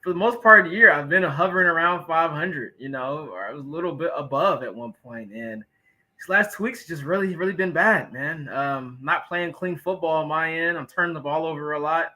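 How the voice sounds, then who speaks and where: A man's voice: on the high side, a little fast, pushed and bright, poor audio. A man co-hosting a sports podcast in casual chat, laid-back and self-deprecating. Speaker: podcast co-host.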